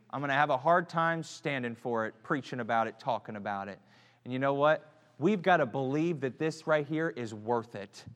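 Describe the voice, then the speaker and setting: A man in his thirties preaching a sermon in a church, building from quiet earnest talk to shouted fervor and back to soft prayer. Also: a little high. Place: church sanctuary. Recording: long church hall reverb.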